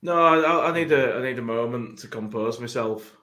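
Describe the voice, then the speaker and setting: A man's voice: mid-range voice, a little fast, bright, forceful tone. A man co-hosting a football podcast, telling stories with lots of swearing and laughter. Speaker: podcast co-host. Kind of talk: casual chat among mates.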